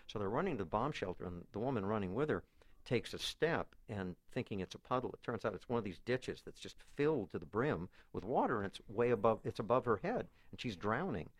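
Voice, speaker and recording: Halting low-voiced man telling a story. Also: no room sound. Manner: halting, many repeated words and restarts. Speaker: author and guest. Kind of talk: conversational storytelling interview.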